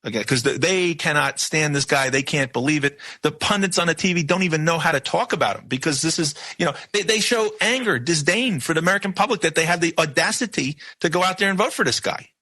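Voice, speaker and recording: A male radio host pushes his points in emphatic bursts and keeps firing off rhetorical questions. His voice sits a little high, with a bright, sharp edge. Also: expressive, fast talker, hardly any pauses. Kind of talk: opinionated radio talk.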